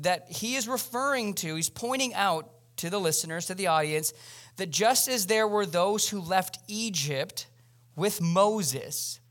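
A pastor with a notably high voice preaches in a relaxed, conversational way, often turning to address his listeners directly. He delivers his sermon from the pulpit of a church service.

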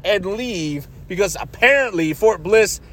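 High-voiced man telling a story, animated. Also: measured pace. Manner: animated, chatty, swears freely. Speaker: podcast host. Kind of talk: casual storytelling.

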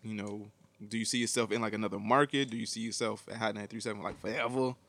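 A man's voice: lowish voice, steady tone, fast talker, fairly bright tone, no echo. A man hosting a podcast, asking questions in a joking, slangy way. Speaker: podcast host. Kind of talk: casual interview.

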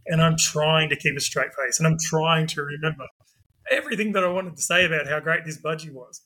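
A man, a guest, telling a lively anecdote with quick asides. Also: fairly high pitch, slight background noise, rough recording. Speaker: guest, budgie club president. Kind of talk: animated storytelling.

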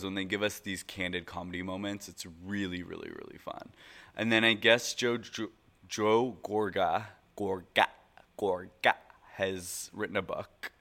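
Guy doing a reality tv recap, bright lowish voice, super excitable, says like a lot. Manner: excitable, gushing, full of "like" fillers. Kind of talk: casual recap commentary.

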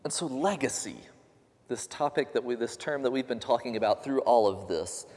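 A man's voice: animated, moderate pace, a little mellow. Preaching man in a reverberant hall. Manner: rises in pitch for quoted voices, earnest and questioning. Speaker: pastor. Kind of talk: sermon.

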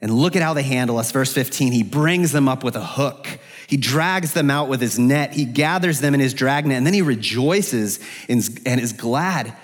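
A man delivers an expository sermon from the pulpit in an earnest, searching way, his voice climbing higher whenever he voices the prophet's pleas to God. His voice sits at an ordinary middle pitch for a man. The sound carries a long reverb, as in a large church sanctuary. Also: moderate pace. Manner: earnest, rises in pitch when voicing the prophet's prayers. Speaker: pastor.

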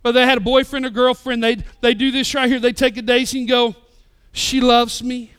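A man in his thirties, a pastor preaching a sermon with passion, rising loud and dropping soft. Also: very high-pitched, steady tone, fast, clear, resonant tone. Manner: impassioned, swings between loud and soft. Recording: live church sermon podcast.

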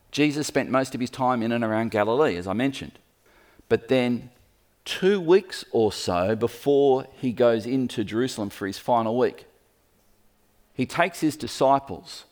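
A man preaching a sermon in a lively storytelling manner, speaking to the room as he points at a map. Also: medium pitch. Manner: lively storytelling, acts out quoted voices.

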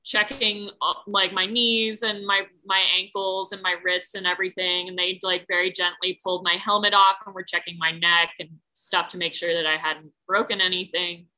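A woman with a bright, forceful voice spins a casual personal story in conversation. She rambles, leans on "like" constantly and swears without a second thought. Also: fairly low pitch, little pitch movement, normal speed, few pauses, poor audio. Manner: rambling, heavy use of "like", swears freely.

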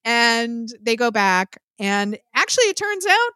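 A woman co-hosting a podcast, recapping a film in a casual, profane, lively storytelling way. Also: a little high, a little slow, clean tone, dry recording, studio quality. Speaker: podcast co-host.

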